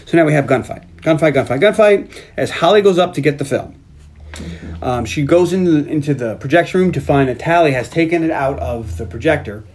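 A podcast co-host recapping a film in casual chat, animated and swearing freely. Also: mid-range voice, brisk.

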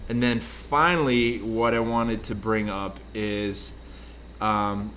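A man's voice: lowish voice, fairly even intonation, slow pace, a bit bright, slight background noise. Rambling, swearing male podcast host. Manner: rambling storyteller, swears freely. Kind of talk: casual chat.

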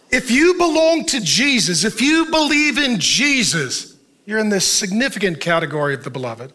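A middle-aged man preaching a sermon, animated and often laughing at himself, who swings from shouted lines to soft, tender asides. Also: sits high, normal speed, some chatter behind. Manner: laughs often, self-deprecating humor. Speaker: pastor.

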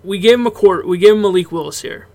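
A man's voice: high-pitched, fast talker. A man co-hosting a casual sports podcast, talking loosely and swearing now and then. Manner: relaxed, swears freely, breaks off into laughs. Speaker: podcast co-host.

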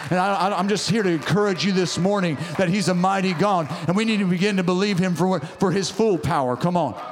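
A man delivers a sermon with fervent, exhorting energy, urging his listeners on again and again. His voice sits a little high for a man. The sound carries a long reverb from a large church hall. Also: a little fast, slight background noise. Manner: fervent, exhorting, often calls out "come on". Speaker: preacher.

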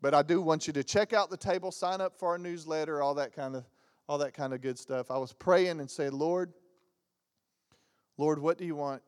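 Smooth and a little high, this man speaks fairly quickly in what sounds like a large hall. A Southern guest pastor in his 40s, he gives a lively sermon built on funny stories and mimicry.

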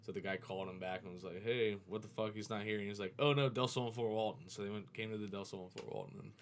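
A man's voice: on the low side, steady tone, fast, slight background noise. A man from Florida, a professional kiteboarder, telling a story in a loose, profane, casual way and chuckling as he goes. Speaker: professional kiteboarder, podcast guest.

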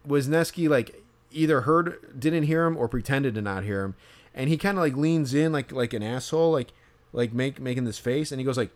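Brief: casual male host, rambling storyteller, mid-pitched. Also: a little fast. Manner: rambling, many fillers and restarts. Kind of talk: casual chat.

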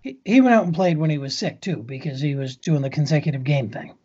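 A man co-hosting a casual podcast chat, tossing out quick jokey quips. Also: fairly high pitch, animated, mellow, husky, highs cut off. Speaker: podcast co-host.

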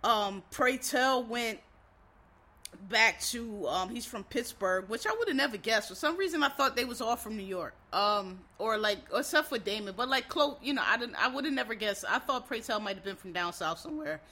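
A man chats casually to his listeners, sounding a little tired. His voice is bright and forward. He rambles, trails off and restarts, and calls his audience y'all. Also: very high voice, expressive, normal speed. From Philadelphia. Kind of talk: casual chat recapping a TV show.

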